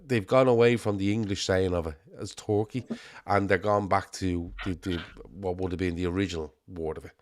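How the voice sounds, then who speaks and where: A man's voice: sits low, fairly even intonation, brisk. A man with a Liverpool accent hosting a casual football podcast, chatty and rambling, swearing casually. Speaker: show host.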